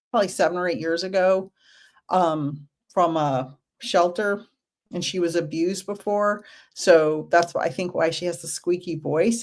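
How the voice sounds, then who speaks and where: A woman in her fifties, a spiritual medium hosting a casual livestream, who talks in a gentle, reassuring way with chatty asides. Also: fairly low pitch.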